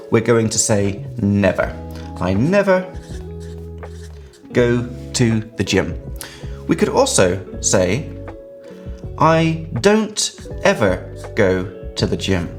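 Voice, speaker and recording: A man from England with an English accent, an English teacher explaining grammar to learners, stretching and stressing key words as he goes. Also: medium pitch.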